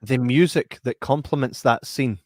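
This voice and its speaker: A young man co-hosting a podcast, laughing often and acting out film scenes with loud yelps. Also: medium pitch, normal speed, no room sound, clean studio sound. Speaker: podcast co-host. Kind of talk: casual podcast chat.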